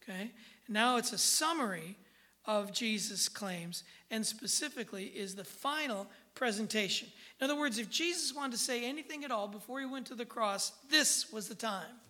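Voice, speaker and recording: Woman pastor preaching, bright voice, kinda high, keeps asking okay? amen?. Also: lively intonation, moderate pace. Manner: emphatic, checks in with the congregation often. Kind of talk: sermon.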